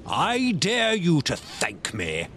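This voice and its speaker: A man voicing an indignant gentleman squire who scolds slowly and sternly. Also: a little high, huge pitch swings, a little hiss or hum, exaggerated voice. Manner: stern, outraged, slow emphatic delivery.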